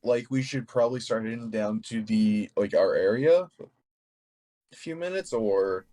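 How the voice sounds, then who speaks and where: A man's voice: lowish voice, a little slow, dark tone. A young man taking part in a tabletop game, talking hesitantly with many fillers. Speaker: player. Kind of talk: casual tabletop play.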